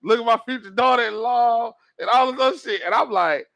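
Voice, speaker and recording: A man telling a story on a podcast in casual chat, animated, profane and laughing often. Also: very high voice, brisk, vocal fry, noisy background. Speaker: podcast co-host.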